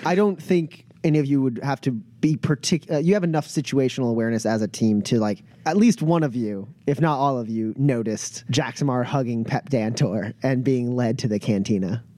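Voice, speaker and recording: Halting, mellow-voiced male game master. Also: medium pitch, no echo. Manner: halting, many filler sounds. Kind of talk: narrating a tabletop game.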